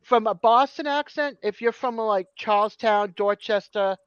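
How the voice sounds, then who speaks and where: High, smooth-voiced man, muffled stream audio. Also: moderate pace, fairly bright tone, no echo. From Massachusetts. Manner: laughs often, playful. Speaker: host. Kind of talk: casual live-stream chat.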